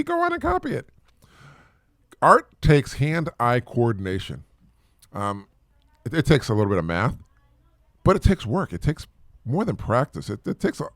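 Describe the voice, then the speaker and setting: A man's voice: lowish voice, dry recording, studio quality. A middle-aged man hosting a casual solo talk podcast, rambling and repeating himself as he chats. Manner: rambling, repeats words, lively and chatty. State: sneezing from allergies. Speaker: podcast host.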